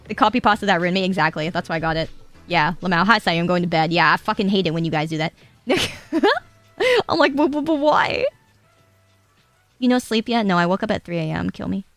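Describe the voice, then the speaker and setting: A woman's voice: fairly low pitch, very fast, a bit bright, no echo, faint music behind. Giggly young woman streamer chatting casually. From Japan. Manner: giggly, rambling, swears casually. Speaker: VTuber streamer. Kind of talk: casual live-stream chat reading out chat messages.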